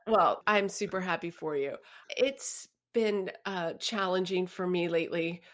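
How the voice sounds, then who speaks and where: A woman co-hosting a podcast, chatting casually and telling stories in an expressive way, often laughing. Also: fairly low pitch, unhurried. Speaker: podcast co-host. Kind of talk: casual chat.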